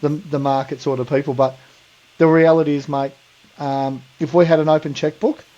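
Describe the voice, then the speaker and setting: A man's voice: on the high side, steady tone, normal speed, warm tone, highs cut off. A man in his forties with an Australian accent, co-hosting a podcast in blunt, sweary casual chat, calling people mate and brother. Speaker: podcast co-host.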